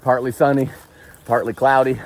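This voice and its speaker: A man vlogging casually on a forest trail, chatty and self-amused, quick to laugh. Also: medium pitch, level tone. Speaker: thru-hiker vlogger. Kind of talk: casual vlog narration while hiking.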